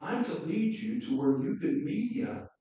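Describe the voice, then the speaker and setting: A man voicing an excitable male talking beaver in a storybook reading, with emphatic, booming exclamations, recorded from afar in an echoey hall. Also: a little slow. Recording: dull echoey hall from far off.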